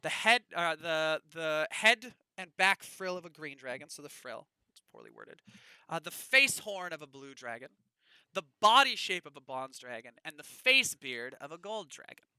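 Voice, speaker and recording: A man's voice: a little high, very animated, normal speed, bright, forceful tone, clean tone, no room sound. A man running a tabletop role-play game as game master, describing the scene and prompting players with questions.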